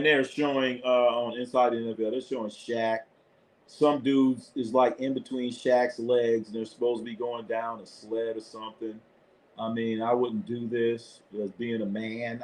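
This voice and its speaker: A man hosting a live sports stream, talking loosely in casual chat, blunt and profane, laughing often. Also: medium pitch. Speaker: sports show host.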